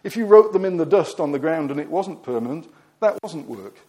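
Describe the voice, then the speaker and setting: A man preaching a sermon, emphatic, asking the congregation questions and letting his voice fall quiet at the ends of phrases. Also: on the high side, expressive, fairly quick.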